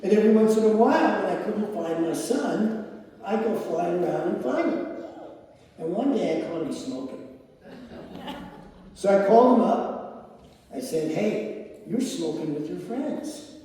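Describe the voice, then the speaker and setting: Middle-aged guy preaching slow, mellow voice, big echoey hall from kinda far off. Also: sits high, animated. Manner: slow, storytelling with laughs. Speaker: spiritual speaker. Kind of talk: sermon with personal stories. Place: large hall with audience. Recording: echoey hall, distant mic.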